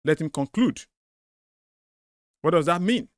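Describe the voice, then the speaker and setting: A man's voice: fairly high pitch, animated, a little slow, dry recording, clean studio sound. A man hosting a commentary on a debate clip, emphatic and repeating his points to drive them home. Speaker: host of a commentary video.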